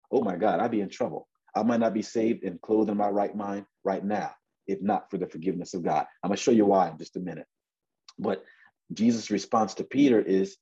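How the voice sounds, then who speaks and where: A man's voice: on the low side, fast talker, mellow, slightly rough. Conversational forty-something man preaching, lo-fi. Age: 40s. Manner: conversational, repeats words and restarts, acts out voices in Bible stories. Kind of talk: sermon.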